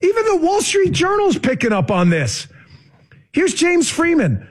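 A man hosting a political talk show, talking fast and emphatically in a heated rant. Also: very high voice, wildly swooping pitch.

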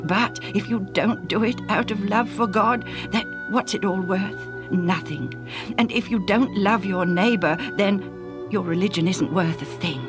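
A woman's voice: mid-range voice, measured pace, close to an everyday voice. A woman reading a story aloud, voicing a devout, emotional man who stammers and repeats his words. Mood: excited. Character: earnest stammering adult man, a devout believer. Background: music.

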